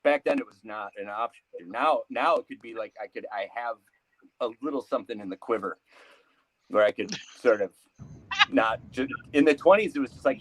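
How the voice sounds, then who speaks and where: A man's voice: medium pitch, brisk, fairly bright tone, rough recording. A man, doing a rambling live stand-up set, cutting himself off and laughing at his own jokes. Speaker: stand-up comedian.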